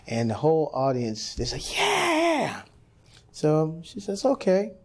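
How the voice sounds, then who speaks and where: Male jazz pianist, interview guest, animated storyteller, lively pitch. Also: moderate pace. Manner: animated storyteller, acts out quoted voices.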